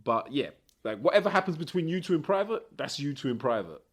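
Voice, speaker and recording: A man's voice: fairly high pitch, big pitch swings, fast talker. Sweary man on a podcast. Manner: blunt, sweary, laughs often. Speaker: podcast co-host. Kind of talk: casual chat.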